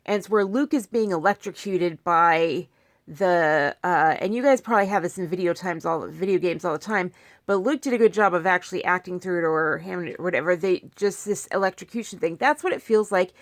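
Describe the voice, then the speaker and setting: A woman's voice: on the low side, brisk, no room sound, studio quality. A young woman vlogging casually to her phone while in pain, talking in a rambling way with many restarts and asides. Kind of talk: casual talk to camera.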